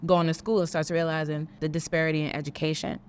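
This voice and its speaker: A woman's voice: low-pitched, fast talker, a little hiss or hum. A woman with a Brooklyn accent in casual conversation, telling stories animatedly and acting out quotes. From Brooklyn, New York. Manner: animated storyteller, voices quotes. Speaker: actress and guest. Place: outdoors on a city street.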